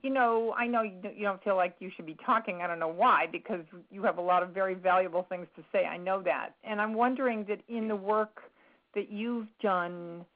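A woman interviewing a guest, asking halting questions with many restarts. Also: mid-range voice. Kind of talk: casual interview. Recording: tinny phone line.

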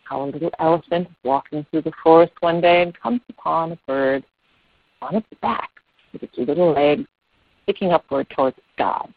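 A children's yoga and meditation teacher speaking calmly and unhurriedly, explaining breathing and guiding the body with fillers and repetitions. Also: mid-range voice, moderate pace, no room sound. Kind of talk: calm explanatory talk. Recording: dull dry lo-fi recording.

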